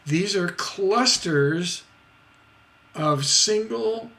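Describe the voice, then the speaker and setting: Man, songwriting teacher, fairly high voice, scats syllables, livestream lesson. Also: animated, extremely slow, creaky, bright, forceful tone. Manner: scats syllables to show rhythm; checks in with "right?".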